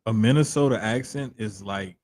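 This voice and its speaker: A man with a Southern accent co-hosting a casual wrestling podcast, talking in an animated, drawn-out way. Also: fairly low pitch, slight background noise. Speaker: podcast co-host. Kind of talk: casual chat.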